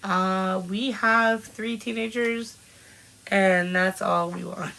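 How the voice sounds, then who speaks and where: A woman in her forties from Washington State chats on a live-streamed podcast and reads out viewer comments. Her voice is bright and forward, with a gravelly fry. She greets people by name and laughs often. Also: mid-range voice, fairly even intonation, takes it slowly, poor audio. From Washington State, USA. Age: 40s. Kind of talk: casual chat reading out live comments.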